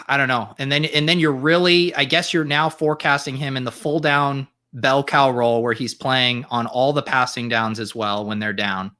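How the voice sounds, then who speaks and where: Dude co-hosting a draft stream, bright voice, always teasing his buddy. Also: medium pitch, steady tone, normal speed. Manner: teasing, joking banter. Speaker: fantasy football co-host. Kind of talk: casual live-stream chat.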